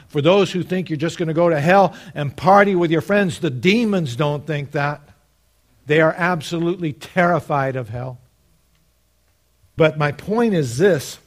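A man delivering a sermon in a somewhat high voice. He reasons through scripture step by step. His delivery swings between hushed asides and loud, emphatic declarations. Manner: argues step by step, quotes scripture. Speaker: preacher.

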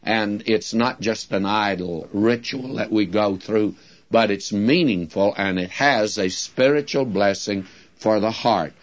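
A man's voice: on the low side, highs cut off. A man giving an earnest Bible teaching in a plain-spoken way, heard on an old recording. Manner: slow, earnest, plain-spoken, stresses quoted words.

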